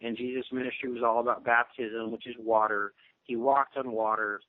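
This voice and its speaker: A male radio guest explains at length in a steady, lecturing voice of middle pitch, pausing often on ums. The audio is dry and tinny, like a call with no room sound. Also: no room sound. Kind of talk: casual radio interview talk.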